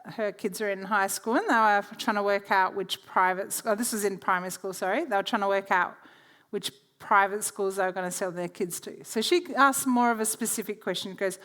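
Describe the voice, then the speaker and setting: Workshop presenter: a woman of middle pitch, a chatty storyteller who laughs easily. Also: steady tone, fairly quick, a bit bright. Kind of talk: teaching workshop talk with personal stories. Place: church.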